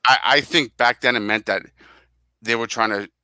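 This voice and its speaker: A man's voice: mid-range voice, moderate pace, bright, forceful tone, no echo. A middle-aged man co-hosting a casual music podcast, talking earnestly and drifting into tangents. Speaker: podcast co-host.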